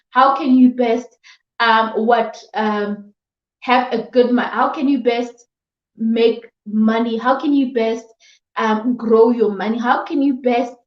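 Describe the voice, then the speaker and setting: A woman with a high voice speaks slowly and with emphasis in a motivational talk, often repeating herself and scolding her listeners. The sound is dull and lo-fi, and it rings around an echoey room. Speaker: motivational vlogger.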